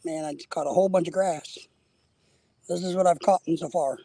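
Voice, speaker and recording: A man's voice: high voice, steady tone, fairly quick, vocal fry, dark tone, no echo. A man hosting a casual live stream while fishing outdoors at a lake, a little out of breath, rambling and greeting viewers by name.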